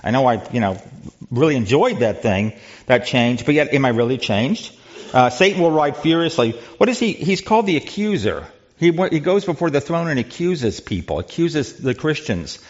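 A man's voice: mid-range voice, very animated, normal speed. Male Bible study leader, chatty teaching manner, asks questions, repeats words; slightly muffled recording.

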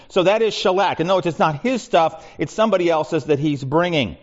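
In a muffled, lo-fi recording, a man leads a Bible study, talking conversationally with frequent restarts and asides. His voice is a bit high, with big pitch swings, at a moderate pace.

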